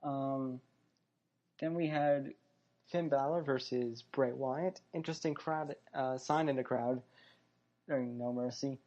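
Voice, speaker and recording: A man's voice: medium pitch, steady tone, a little slow, mellow, lo-fi sound. A man hosting a podcast, chatting casually through a fight recap in a rambling way, full of fillers and self-corrections. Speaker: podcast host. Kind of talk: solo wrestling and fight recap chat.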